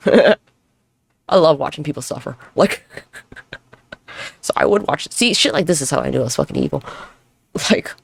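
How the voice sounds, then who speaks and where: A woman's voice: sits low, animated, normal speed, creaky, pauses often, breathy edge. A woman hosting a casual solo podcast, rambling and swearing freely as she mocks herself. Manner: rambling, profane, self-mocking. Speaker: podcast host.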